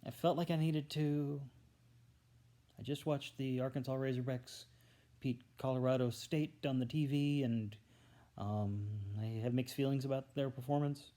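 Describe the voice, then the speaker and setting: A man's voice: mid-range voice, steady tone, moderate pace, mellow. Man rambling hesitantly into a tablet. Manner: hesitant, stammering, trails off with fillers. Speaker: vlogger. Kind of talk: rambling casual monologue to camera. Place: alone at home, indoors. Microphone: tablet held at arm's length.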